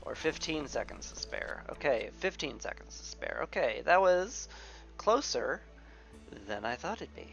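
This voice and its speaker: A man's voice: fairly high pitch, sing-song, a little slow, vocal fry, fairly bright tone, lo-fi sound, soft background music. A man casually talking through a video game as he plays, musing aloud with playful asides.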